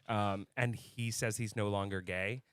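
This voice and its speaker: A man's voice: fairly low pitch, fairly even intonation, unhurried, clear, resonant tone, no echo. Heated, swearing male podcast co-host. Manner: heated, swears often, bursts of anger. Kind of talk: casual chat.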